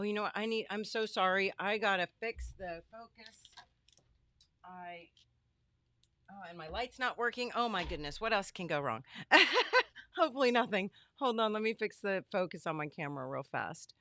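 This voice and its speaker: A bubbly middle-aged woman greets her livestream viewers one by one from her home craft studio, her voice slightly hoarse. Her tone stays smooth and resonant despite the strain. The sound is dry and close, with no room echo. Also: mid-range voice, animated, normal speed, pushed and bright. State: losing her voice. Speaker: livestream host. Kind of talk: casual livestream chat.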